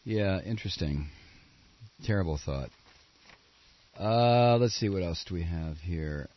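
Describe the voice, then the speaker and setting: A man hosting a political talk radio show, sarcastic, and now and then breaking into shouted tirades. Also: low voice, expressive, unhurried. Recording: dull lo-fi radio broadcast.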